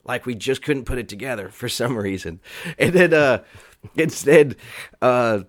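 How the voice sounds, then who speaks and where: A man's voice: medium pitch, measured pace, no echo. Guy rambling thru a story, lots of cursing, dry close sound. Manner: rambling, animated, curses often. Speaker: guest musician. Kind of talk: casual storytelling chat. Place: Austin area.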